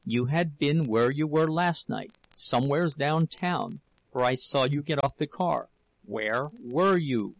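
A man's voice: on the high side, animated, vocal fry, no echo, poor audio. Jurgis, a man reading a hard, suspicious husband. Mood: hard, accusing. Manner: slow, hard, clipped.

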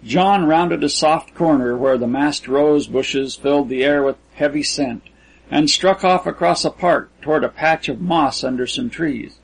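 A man narrating a literary story in a measured, even storytelling delivery. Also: on the high side, slightly rough, low-quality recording. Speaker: audiobook narrator.

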